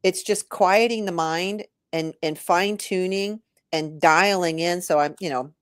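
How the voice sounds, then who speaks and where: Woman, lowish voice, dry close sound, rambling casual guest. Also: a little slow, smooth, no echo. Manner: rambling, restarts, laughs easily. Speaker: guest, intuitive reader. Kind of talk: casual interview chat.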